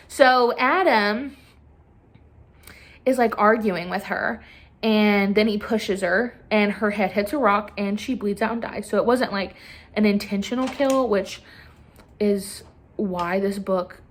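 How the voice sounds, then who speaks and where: A woman's voice: mid-range voice, unhurried. A young woman chatting casually as a book reviewer, filling her talk with constant "like"s. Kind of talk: casual chat.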